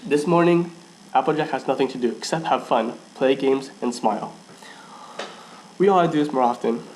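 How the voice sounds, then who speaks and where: A man with a middle-pitched voice reads a first-person fan story aloud. He often trips over words and restarts lines. A faint background hum sits under his voice. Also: normal speed, darkish tone, low-quality recording. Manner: stumbles and restarts, laughs at himself. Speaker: fan fiction reader.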